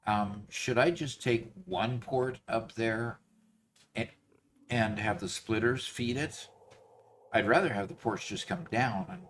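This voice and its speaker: A man streaming a factory-building game, thinking aloud in a halting, self-correcting way while fighting off hiccups. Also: on the low side, fairly bright tone, slight background noise. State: has hiccups. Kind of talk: casual gameplay chat.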